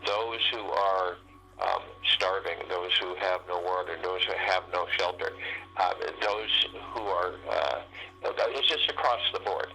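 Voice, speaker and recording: A man hosting a group meditation call, giving a spiritual teaching talk in a halting, repetitive way that keeps circling back to key phrases. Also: deep voice, sharp tone, a little hiss or hum, low-quality recording. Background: faint meditation music.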